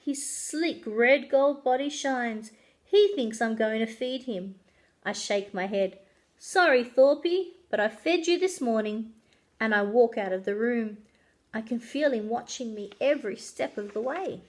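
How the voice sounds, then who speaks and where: A librarian reads a children's chapter book aloud in a fairly high, unhurried voice. She tells the story expressively and with animation, giving the characters their own voices.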